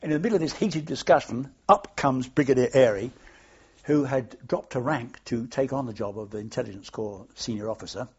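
An older war veteran recounts anecdotes for an oral history interview in a brisk, mid-range, slightly mellow and husky voice. He rambles and restarts along the way, captured on dull lo-fi archive tape.

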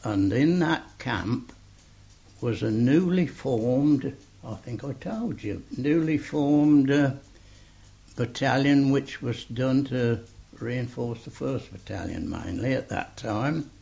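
An older man slowly telling an oral history story, full of fillers and a gravelly voice. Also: medium pitch, mellow. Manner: slow rambling storytelling with many fillers. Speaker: interviewee. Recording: dull lo-fi tape recording.

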